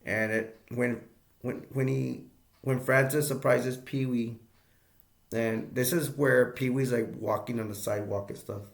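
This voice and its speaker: A man's voice: medium pitch, steady tone, a little slow, creaky, reverberant. A man reviewing a movie in a casual, rambling way, with many fillers and restarts as he retells scenes.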